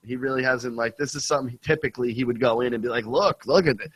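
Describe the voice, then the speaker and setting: Brief: male co-host, mid-pitch, dry close sound, storyteller who mocks callers. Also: steady tone, racing, fairly bright tone, no echo, low-quality recording. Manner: storytelling, mimics callers mockingly. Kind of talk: casual podcast banter.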